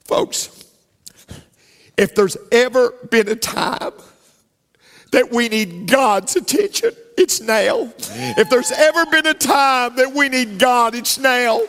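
Slow, soaring male preacher in a reverberant hall. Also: very high voice, lively intonation, a bit bright. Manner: emphatic, repeats key lines, drops to near-whispers for effect. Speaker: pastor. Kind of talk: preaching a sermon. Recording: long reverb of a large hall.

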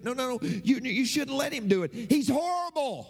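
A man's voice: very high-pitched, lively intonation, moderate pace, hardly any pauses, a little mellow, slightly rough. A man preaching a sermon as a pastor, emphatic and repetitive, his voice swooping up and down. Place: church. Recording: long reverb of a church hall.

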